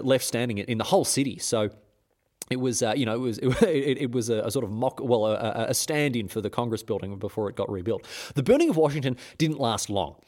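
A man's voice: medium pitch, darkish tone. Irreverent man telling history. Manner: irreverent, rambling, with stumbling restarts. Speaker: host. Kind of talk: comedic history podcast narration.

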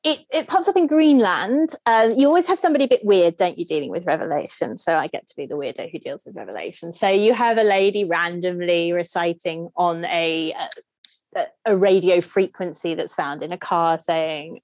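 A woman academic, guesting on a podcast, gives long explanations in a lively manner. Her pitch leaps when she makes jokes, and she poses rhetorical questions one after another, speaking at a moderate pace with no echo in the recording.

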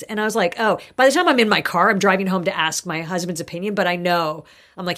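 Lively middle-aged woman telling stories. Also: mid-range voice, a little fast. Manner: animated, acts out quoted voices. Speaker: guest, actor and insurance broker. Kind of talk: casual interview storytelling.

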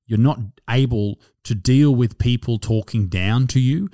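A man's voice: medium pitch, unhurried, dark tone. A young Australian man hosting a casual podcast, blunt and opinionated, swearing freely. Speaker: podcast host.

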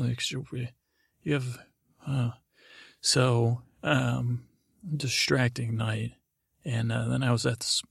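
A man spins a wandering tale on his podcast, stopping and restarting as he goes. His voice is deeply gravelly and a little husky, with a flat delivery that barely rises or falls. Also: dry recording, studio quality. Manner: meandering, halting, with many restarts and fillers. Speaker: podcast host. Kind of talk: rambling storytelling monologue.

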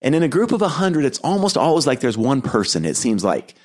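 A middle-aged man speaks in a voice of ordinary pitch, telling a personal story for his podcast. His manner is earnest and gentle, reflective, with soft laughs here and there. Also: big pitch swings, brisk. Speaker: podcast host and keynote speaker.

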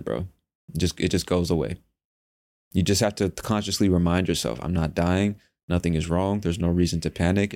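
A young man hosting a casual solo podcast, talking in a profane, animated, slangy way. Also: low-pitched. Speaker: podcast host.

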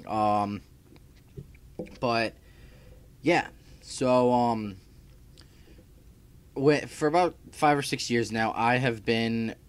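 Chatty scattered young male YouTuber. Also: lowish voice. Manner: chatty, scattered, self-interrupting, filler-heavy. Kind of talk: casual vlog chat. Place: home room.

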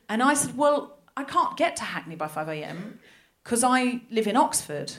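Lively Australian woman doing stand-up. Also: a little high, moderate pace, hardly any pauses. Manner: animated storytelling, acting out the people she quotes. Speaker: comedian and host. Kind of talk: stand-up comedy set. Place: live venue before an audience.

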